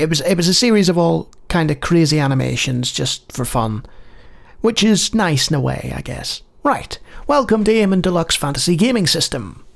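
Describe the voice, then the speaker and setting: A man talks through an old computer game in a relaxed commentary voice. His tone is dry and wry, and his voice has a gravelly edge with a little fry in it. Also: fairly high pitch. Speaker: game show host. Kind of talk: casual let's-play commentary, reading game text aloud.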